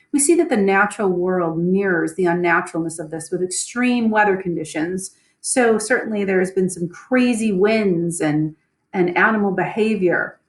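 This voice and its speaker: A woman's voice: medium pitch, reverberant, recorded from a distance. Woman teacher explaining a play. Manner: casual, with fillers and restarts.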